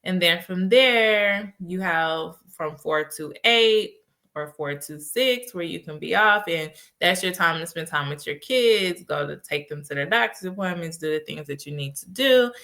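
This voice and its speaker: A woman hosting a podcast, talking casually and telling stories in an animated way. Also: fairly low pitch, a little slow. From United States. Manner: animated storytelling with laughs. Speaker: podcast host and life coach. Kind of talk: casual solo podcast talk.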